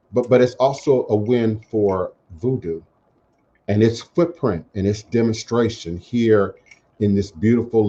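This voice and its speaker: A man hosting a call-in talk radio show, speaking in measured, emphatic, repeated phrases. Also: fairly low pitch, dark tone. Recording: dull lo-fi internet radio audio.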